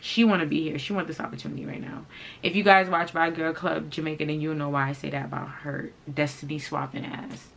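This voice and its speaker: A woman vlogger telling a story in a blunt, profane, animated way, full of "like". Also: sits low, brisk, vocal fry, slight background noise. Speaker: fashion channel vlogger. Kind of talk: casual storytime monologue.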